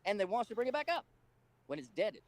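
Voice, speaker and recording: A high, fast-talking man argues heatedly on a live stream panel. His pitch swings widely as he presses his point. Faint noise hums underneath. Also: very animated. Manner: insistent, emphatic, talks over others. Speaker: panel guest.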